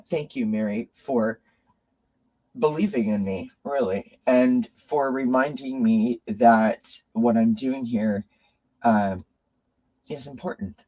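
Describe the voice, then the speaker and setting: A man's voice: medium pitch, a little mellow, low-quality recording. A man hosting a live tarot stream, emotionally thanking his viewers and reading their comments. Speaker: tarot reader and channel host.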